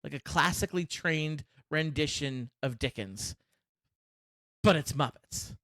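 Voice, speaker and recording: A man co-hosting a podcast in casual chat, excitable and laughing often, with frequent swearing. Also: fairly high pitch, unhurried, dry recording, clean studio sound. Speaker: podcast co-host.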